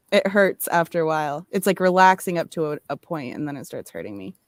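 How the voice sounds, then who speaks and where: A woman's voice: low-pitched, big pitch swings, normal speed, no echo. A woman co-hosting a casual livestream, rambling and correcting herself as she talks. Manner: rambling, self-correcting, giggly. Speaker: livestream co-host. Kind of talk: casual chat.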